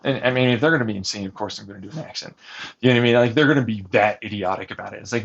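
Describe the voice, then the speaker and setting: A man's voice: on the low side, rapid-fire, creaky. A man arguing and then ranting about the dispute in an insistent, mocking, profane way. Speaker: vlogger recounting a family dispute. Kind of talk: heated argument and ranting commentary. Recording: dull lo-fi recording.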